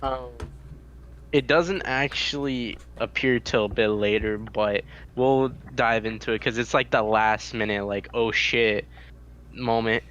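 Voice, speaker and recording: A young man hosting a casual anime review, recapping plot in a relaxed, rambling way with swearing. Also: mid-range voice, a little slow, highs cut off, slight background noise. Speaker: host.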